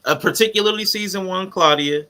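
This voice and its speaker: A man's voice: high voice, a little fast, pushed and bright, smooth. A man who streams, a guest on a casual live-stream chat, talking earnestly about his views. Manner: earnest, reflective, explains his feelings.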